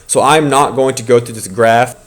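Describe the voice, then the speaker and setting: A man's voice: mid-range voice, moderate pace. Man teaching a recorded class lesson. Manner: explains patiently, repeats key points for students. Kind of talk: recorded classroom lecture video.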